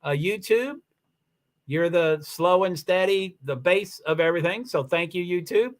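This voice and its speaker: A man's voice: high-pitched, lively intonation, a little slow. A man hosting a casual livestream, chatting in a rambling way with many fillers and restarts. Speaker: livestream host.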